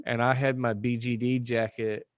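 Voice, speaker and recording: A man's voice: mid-range voice, moderate pace, smooth, dry recording, muffled recording. A man on a podcast who tells a story in casual chat, acting out the lines of dialogue as he goes. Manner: animated storyteller, acts out quoted dialogue. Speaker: podcast guest.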